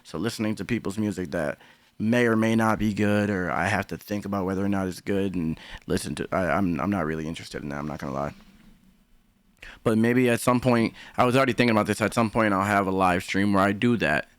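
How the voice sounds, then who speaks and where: Deep-voiced rambling stream host. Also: male voice, fast, no echo. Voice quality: deep, smooth voice. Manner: rambling, repeats himself, swears freely. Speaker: livestream commentary host. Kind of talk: casual live-stream commentary.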